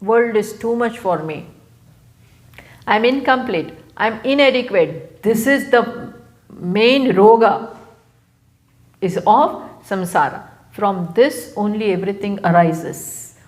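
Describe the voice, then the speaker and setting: Slow, deliberate Indian woman teaching scripture. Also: medium pitch, a little mellow. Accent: Indian English. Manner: unhurried, repeats key phrases for emphasis. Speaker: spiritual teacher. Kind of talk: scripture lecture. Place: live talk venue.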